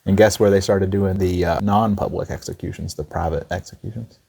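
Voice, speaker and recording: A man's voice: low-pitched, steady tone, a little fast, vocal fry, warm tone, breathy edge. A man co-hosting a podcast, telling a historical story in casual chat with a laugh in his voice. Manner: reads old quotes aloud with folksy voices, laughs often. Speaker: podcast co-host.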